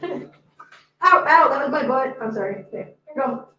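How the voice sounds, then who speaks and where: Chatty high-voiced woman talking to her cats. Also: quick pace, fairly bright tone, roomy sound, lo-fi sound, slight background noise. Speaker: host. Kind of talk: casual livestream chat. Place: room at home with cats.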